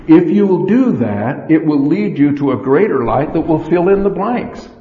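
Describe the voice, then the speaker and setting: A man giving a sermon, measured and storytelling, acting out the inner voices he describes. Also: on the high side, expressive, a little hiss or hum. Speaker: church speaker. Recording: echoey hall, dull lo-fi sound.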